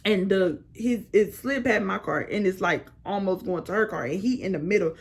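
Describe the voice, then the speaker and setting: A young woman vlogger telling a storytime tale in an animated, slangy, laughing way. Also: mid-range voice, moderate pace, gravelly, breathy edge. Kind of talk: casual storytime.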